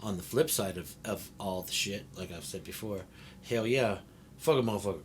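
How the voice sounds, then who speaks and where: Animated, foul-mouthed middle-aged man. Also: lowish voice, moderate pace, background noise. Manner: animated, profane and blunt, laughs often. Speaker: host. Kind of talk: casual interview chat.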